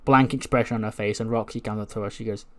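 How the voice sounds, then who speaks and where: A man's voice: lowish voice, fairly even intonation, fast talker, darkish tone. Chatty man narrating a game. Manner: chatty, laughs at his own storylines. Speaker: gaming channel host. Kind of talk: casual let's-play narration.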